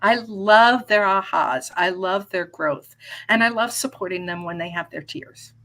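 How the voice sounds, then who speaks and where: A woman's voice: mid-range voice, a little slow, pushed and bright. A woman in her fifties, a life coach on as a guest, chatting casually and playfully, often restarting her sentences and acting out little scenes. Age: 50s. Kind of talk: casual interview chat.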